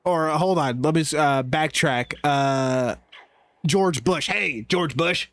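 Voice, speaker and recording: Slow-talking, higher-voiced male streamer. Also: smooth, no echo. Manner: animated, incredulous, laughs often. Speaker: live-stream gaming host. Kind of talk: casual live-stream chat.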